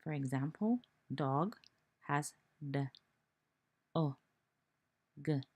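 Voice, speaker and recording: Ghanaian woman teacher, deep and unhurried, spells out each sound clearly. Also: lively intonation, a little mellow. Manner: slow, deliberate, spells out sounds. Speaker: language teacher. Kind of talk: slow, careful pronunciation lesson.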